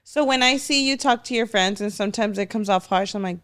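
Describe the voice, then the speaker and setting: A woman's voice: medium pitch, fairly quick, fairly bright tone. Playful teasing woman on a podcast. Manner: playful, teasing, laughs between lines. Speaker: podcast guest. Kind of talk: casual podcast banter.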